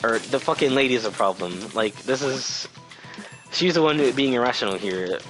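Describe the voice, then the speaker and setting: A man's voice: medium pitch, animated, moderate pace, music in the background, rough recording. A young man who works in retail, telling a casual storytime rant in an exasperated way and swearing freely. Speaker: retail worker.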